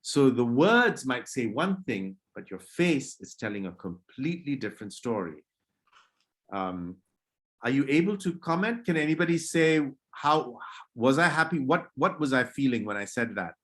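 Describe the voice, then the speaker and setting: A man presenting an online public speaking workshop for kids over video call acts out greetings in different moods and gently scolds disruptive children. His mid-range voice swings widely in pitch at normal speed.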